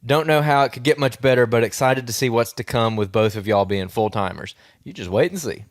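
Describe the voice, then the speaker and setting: Male podcast co-host, easygoing and jokey, mid-pitched, close dry mic. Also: brisk, no echo. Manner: laid-back, jokey storytelling. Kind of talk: casual chat.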